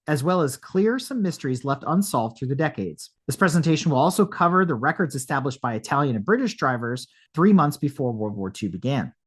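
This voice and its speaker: Man reading a scripted introduction. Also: fairly high pitch. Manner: even, read-aloud delivery. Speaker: podcast host.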